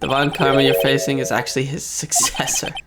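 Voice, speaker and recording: A woman's voice: rumbling low, steady tone, a little fast, very noisy. A woman reading a folksy male detective. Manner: calls everyone "pal", plain reading voice.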